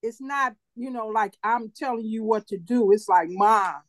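A woman's voice: fairly high pitch, normal speed, no echo, low-quality recording. Firm motherly woman, dry close sound. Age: middle-aged. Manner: firm, motherly, matter-of-fact. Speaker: mother of grown children. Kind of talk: casual chat.

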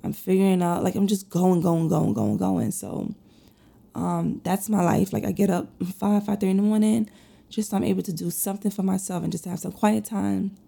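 A woman's voice: medium pitch, normal speed, vocal fry, mellow, breathy edge. A woman in her thirties, getting over a cold, chatting candidly to her listeners in a rambling way with many fillers. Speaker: podcast host and lash artist. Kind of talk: casual personal chat to listeners.

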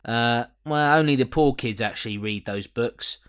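A man's voice: medium pitch, normal speed, fairly bright tone, clean tone. A man hosting a casual podcast chat, joking, swearing and often laughing as he recaps an episode. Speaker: podcast host.

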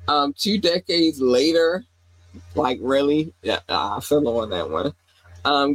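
A husky-voiced woman hosts a podcast of casual celebrity gossip. She speaks bluntly and profanely and keeps checking in with her listeners. The sound is dry and close. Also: low-pitched, big pitch swings, a little slow, dry recording, low-quality recording. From Baltimore. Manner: blunt, profane, keeps asking "you feel me". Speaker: podcast host.

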